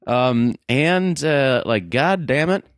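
A man's voice: animated, takes it slowly, dry recording, studio quality. A man co-hosting a casual podcast chat, joking around with his co-host. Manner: joking, pitch swings widely.

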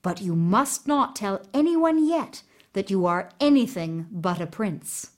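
A woman's voice: medium pitch, lively intonation, unhurried, lightly acted. A woman voicing a wise magical white mare. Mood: grave.

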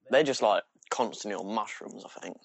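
A man's voice: fairly low pitch, vocal fry, breathy edge, no echo. A young man from southern England, cohosting a casual podcast chat, sweary and joking. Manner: sweary, joking, lively delivery. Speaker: podcast co-host.

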